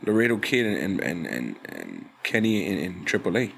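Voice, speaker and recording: A man co-hosting a casual wrestling podcast, talking in animated slang with profanity and stammered restarts. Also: deep voice, moderate pace, creaky, a little hiss or hum. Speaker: podcast co-host. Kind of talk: casual wrestling recap banter.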